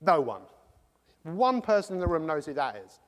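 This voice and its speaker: A middle-aged man giving an energetic motivational talk, quizzing the audience as he goes. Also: on the high side, normal speed. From England. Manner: energetic, rhetorical, quizzes the crowd. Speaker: motivational speaker. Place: large conference hall. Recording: long hall reverb.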